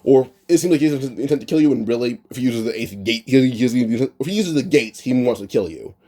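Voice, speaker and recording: A man's voice: medium pitch, fast talker, dark tone. A man casually retelling an imagined anime storyline off the cuff, rambling with frequent restarts and filler words.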